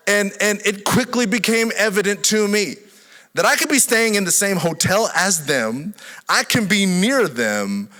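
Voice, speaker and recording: A middle-aged man, a pastor, preaching a sermon and telling stories, swinging from hushed lines to loud, laughing ones. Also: sits high. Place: large church hall. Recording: long hall reverb.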